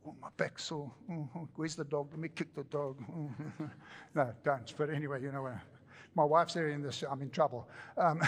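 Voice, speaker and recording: Man preaching in a reverberant hall. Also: fairly high pitch. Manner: animated, jokey preaching with repeated phrases. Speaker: pastor. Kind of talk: sermon. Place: church hall with congregation.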